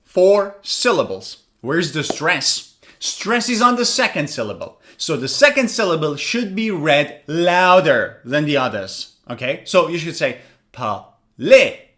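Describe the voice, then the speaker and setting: Lively high-voiced man teaching pronunciation. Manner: lively and animated, drills words slowly for repetition. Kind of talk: online video lesson.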